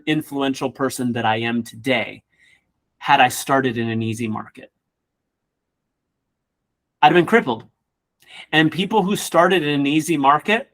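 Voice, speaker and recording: Man, real estate coach, motivational class, energetic, joking asides, fairly high voice. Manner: energetic, acts out quoted people in voices.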